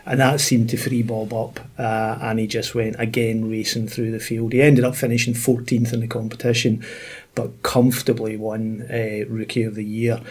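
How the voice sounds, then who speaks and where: Man, Scottish accent, husky voice, casual podcast chat, golf expert co-host. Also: fairly low pitch, flat delivery, moderate pace, a little mellow. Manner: chatty storyteller, many fillers.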